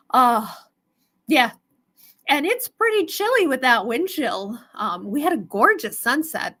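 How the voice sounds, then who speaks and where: Chatty live-sale host, woman, unhurried, highish voice. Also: fairly bright tone. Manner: chatty, greets viewers by name. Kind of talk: casual live-stream selling chat.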